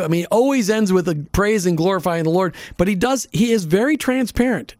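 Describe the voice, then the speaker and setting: A man hosting a radio interview, asking his guest questions in a lively, chatty way. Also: sits high, fairly quick, no echo, clean studio sound. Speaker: radio host.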